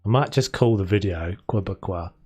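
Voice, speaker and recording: A young man streams a renovation game, rambling and chatting loosely with his viewers, talking to chat and laughing often in casual gameplay commentary. His voice is low-pitched, a little mellow and slightly rough, at a moderate pace, with faint game music in the background.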